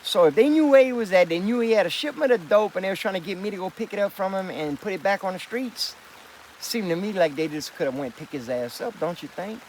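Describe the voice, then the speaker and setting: Man in mid-life, rambling and profane, fairly high voice, faint rain behind. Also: animated, fast, a little hiss or hum, rough recording. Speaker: vlogger. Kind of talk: rambling monologue to camera.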